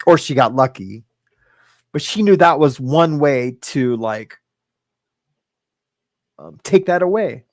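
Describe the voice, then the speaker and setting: A man in his fifties who hosts a livestream, telling a personal story in a rambling, halting way full of fillers and restarts. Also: a little high, no room sound, studio quality. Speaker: livestream host. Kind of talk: casual storytelling.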